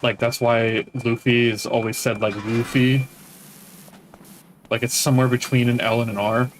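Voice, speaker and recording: A man's voice: medium pitch, little pitch movement, fairly quick, a little hiss or hum, rough recording. A man streaming games, telling long casual stories that trail off and restart. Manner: rambling storyteller, trails off mid-sentence. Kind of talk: casual chat while gaming.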